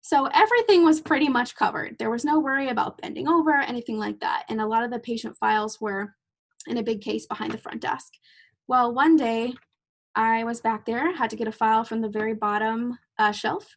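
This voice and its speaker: A woman's voice: fairly high pitch, fairly quick. A woman host and clinician in a casual podcast conversation, a chatty storyteller who laughs easily.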